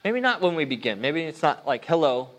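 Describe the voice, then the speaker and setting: Male pastor, higher voice, earnest conversational sermon with restarts. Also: big pitch swings, brisk, a bit bright. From United States.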